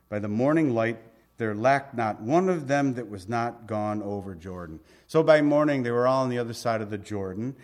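A male pastor teaching verse by verse, reading scripture aloud and asking his listeners rhetorical questions, with emphatic rises and quiet asides. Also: mid-range voice. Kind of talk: expository Bible teaching.

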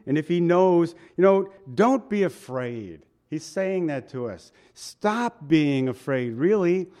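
A man's voice: fairly high pitch, darkish tone. A man preaching a sermon in a casual, folksy way, asking the listeners questions and laughing at himself now and then. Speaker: pastor.

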